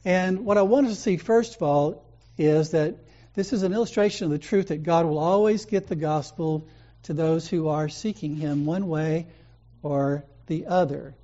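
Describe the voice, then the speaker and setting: A pastor preaching a sermon in a conversational, storytelling way. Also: male voice, fairly high pitch, normal speed, warm tone, muffled recording.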